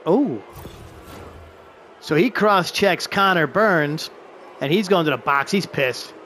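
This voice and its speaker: Excited man calling hockey game action. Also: fairly high pitch, slow, a little hiss or hum. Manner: rooting openly for his team, shouts at big moments. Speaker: gamer doing play-by-play of a hockey video game. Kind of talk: excited play-by-play commentary.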